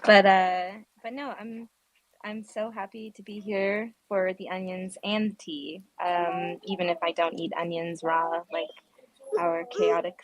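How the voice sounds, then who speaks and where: A woman's voice: on the low side, level tone, unhurried, low-quality recording. A woman chatting cheerfully on a live audio space from outdoors, with lots of fillers. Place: outdoors in a yard.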